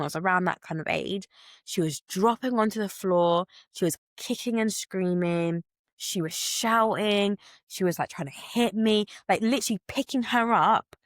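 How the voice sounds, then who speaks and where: A woman's voice: on the low side, no room sound, studio quality. A woman hosting a solo podcast, telling personal stories in a candid, chatty way with lots of casual fillers. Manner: chatty and candid, with many "like" and "you know" fillers. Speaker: podcast host.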